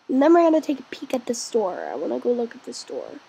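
A woman hosting a let's play, chatting excitably as she plays, cheering her character on and sometimes dropping into a whisper. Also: high voice, a little fast, creaky, breathy edge. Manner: drops into whispers now and then. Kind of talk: gaming commentary.

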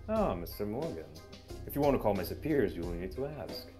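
A man's voice: fairly low pitch, sing-song, quick pace, warm tone, faint music behind. A man voicing a sly, mocking male dog agent who stays cool and taunting in a visual novel reading. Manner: smug, sarcastic, taunting.

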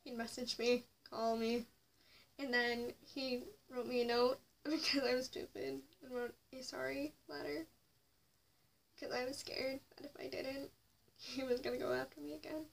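A young woman vlogger, high-pitched and gravelly with a flat delivery, talks at normal speed while telling a personal story to camera. Her confessional manner alternates between hushed whispers and sharp anger. The mic is slightly distant, with faint noise.

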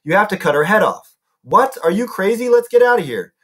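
A man's voice: a little high, normal speed, fairly bright tone, natural voice. A man voicing a clever teenage girl who talks in an urgent, brainy way.

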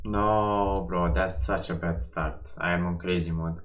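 A man's voice: sits low, fairly even intonation, a little slow, few pauses. A man streaming his gambling live, ranting and swearing in exasperation as he plays.

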